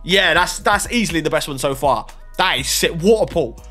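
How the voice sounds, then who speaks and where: A man's voice: on the high side, lively intonation, moderate pace, sharp tone. A young man commentating on game pack openings, swinging between hype and groans. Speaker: gaming YouTuber. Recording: faint music underneath.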